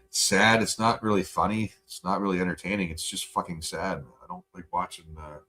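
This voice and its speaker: A man's voice: sits low, fairly even intonation, brisk, pushed and bright. A male livestream host in a profane, rambling casual rant, laughing often.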